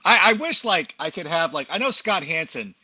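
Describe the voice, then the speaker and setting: Middle-aged male guest, lively pitch, rambling storyteller, crisp bright tone. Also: moderate pace. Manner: rambling, self-deprecating storyteller with many fillers. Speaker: podcast guest, fantasy football analyst. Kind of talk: casual chat.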